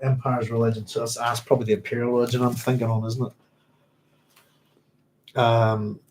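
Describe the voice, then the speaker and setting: A man's voice: medium pitch, little pitch movement, normal speed, a little mellow, a little hiss or hum. A man hosting a book club stream, reading passages aloud and rambling between them with frequent chuckles. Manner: rambling and chatty, chuckles often. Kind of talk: casual livestream book chat with reading aloud.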